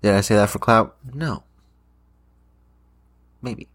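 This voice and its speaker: A man's voice: lowish voice, slow. A young man, rambling casually to camera, swearing often and trailing off into fillers. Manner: rambling, swears a lot, many fillers and restarts. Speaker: vlogger.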